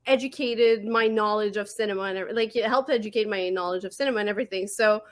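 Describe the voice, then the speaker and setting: A woman with a French accent, co-hosting a podcast in casual chat, animated and giggly with quick asides, on a remote call mic. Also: mid-range voice. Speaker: podcast co-host.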